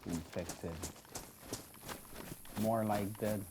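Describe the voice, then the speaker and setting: A man playing a weary male survivor in a game role-play, musing quietly to himself in a low-key voice. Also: steady tone, very slow, noisy background. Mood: grim.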